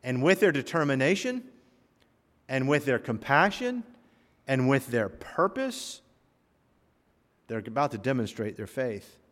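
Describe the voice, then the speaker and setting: Animated preaching man in a reverberant hall. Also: medium pitch, measured pace, pauses often. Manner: animated, acts out voices in quotes. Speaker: pastor. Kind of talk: sermon.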